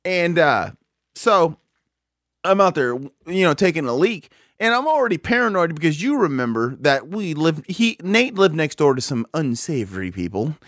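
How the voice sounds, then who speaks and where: A man's voice: on the high side, sing-song, normal speed, a bit bright, no room sound, clean studio sound. A man telling a rambling, profane story in casual chat, full of fillers and restarts.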